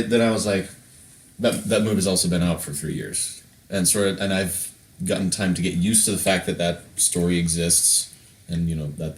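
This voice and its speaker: A man with a low voice co-hosts a podcast, rambling through casual chat and restarting his sentences often. He sounds distant from the mic, in an echoey room.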